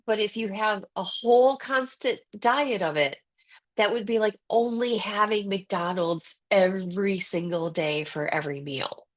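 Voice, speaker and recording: A woman giving a conversational webinar lecture as a coach, lively and animated, acting out quoted voices. She speaks close to the mic. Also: mid-range voice, a little slow. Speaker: ADHD coach presenting a webinar.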